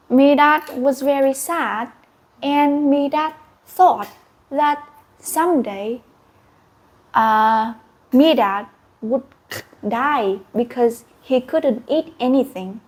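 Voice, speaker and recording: Woman, English teacher, animated story, sound effects, slow. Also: sits high. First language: Vietnamese. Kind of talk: storytelling lesson.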